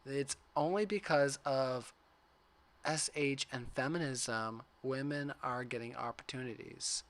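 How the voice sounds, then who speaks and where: A man moderating a debate, reading out viewer questions quickly with jokes. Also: mid-range voice, fairly bright tone. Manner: quick, joking.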